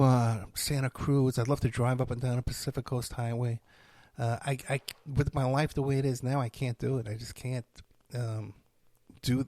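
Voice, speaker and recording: Middle-aged new guy rambling on his podcast, gravelly voice, dry close sound. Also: mid-range voice, no room sound. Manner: rambling, animated storytelling with laughs and asides. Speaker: podcast host. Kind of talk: rambling casual monologue.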